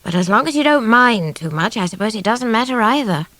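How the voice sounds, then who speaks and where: A woman voicing a calm, weary man on the run, speaking low and unhurried, at times almost whispering. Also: no room sound.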